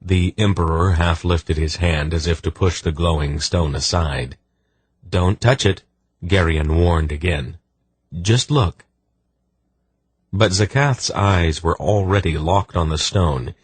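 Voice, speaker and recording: A male audiobook narrator reads in a measured, deliberate way. His voice is very deep with a husky edge. The recording is dry and close. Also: no room sound. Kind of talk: scripted narration.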